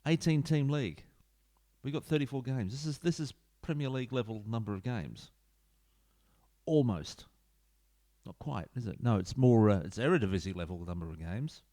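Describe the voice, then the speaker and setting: A man's voice: mid-range voice, lively intonation, moderate pace, dark tone. A man giving casual, rambling commentary while playing a football management game at home, chatting to viewers with offhand asides. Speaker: gaming YouTuber. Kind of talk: casual let's-play commentary. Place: home room. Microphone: desk mic into computer.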